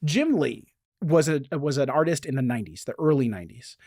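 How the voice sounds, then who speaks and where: A man's voice: medium pitch, animated, a little fast, darkish tone, dry recording, clean studio sound. A man hosting a casual podcast, enthusiastic and reading book passages aloud. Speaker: podcast host.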